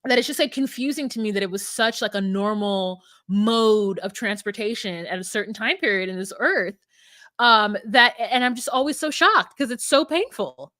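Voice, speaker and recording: A young woman with a bright, slightly high voice chats animatedly through a reality-show recap. She acts out the quotes as she goes. The sound is dry and close, with no room echo. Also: normal speed. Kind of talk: casual recap chat.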